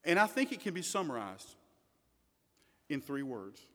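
Male preacher, bright high voice, emphatic delivery shifting from quiet to forceful, long reverb of a hall. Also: big pitch swings, unhurried. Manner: emphatic, swings from hushed to loud. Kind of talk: sermon.

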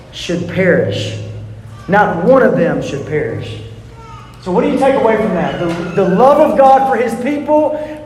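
A man delivers an earnest sermon in a notably high voice. He stresses single words and presses the congregation with repeated questions. His voice rings through a large church hall with a long reverb tail. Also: a little mellow. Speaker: pastor. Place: church sanctuary.

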